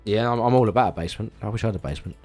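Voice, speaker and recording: Male streamer, lowish voice, rambling and stammery, casual swearing. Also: rapid-fire, a little mellow, faint music behind. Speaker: live streamer. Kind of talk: casual live-stream chat.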